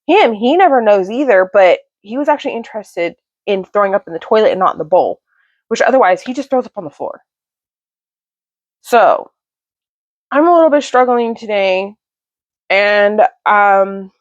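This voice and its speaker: A chatty woman in her thirties recaps a book at home, rambling and animated as she slips into the voices of the characters. Her voice is muffled and a little dull, and it sounds dry and close, without room echo. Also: mid-range voice, normal speed. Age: 30s. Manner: animated, rambling storyteller who acts out quotes. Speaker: book vlogger and mother. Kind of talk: casual chatty retelling of a book. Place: home, sitting on a couch beside her sleeping son.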